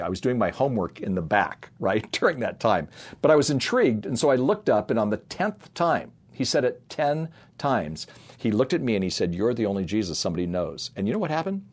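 Middle-aged male ministry speaker, low voice, earnest family-story sermon. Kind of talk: sermon-style talk with personal stories.

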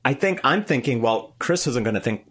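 A man in a casual talk asking a follow-up question in a lively way. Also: medium pitch, brisk, breathy edge. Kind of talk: casual chat.

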